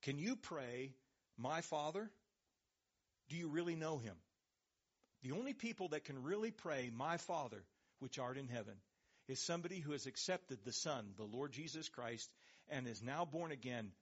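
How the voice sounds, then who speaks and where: A man preaching a sermon, pressing hard on key words and slowing down to let them land, then dropping his voice low. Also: lively intonation, slightly rough, highs cut off. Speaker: pastor.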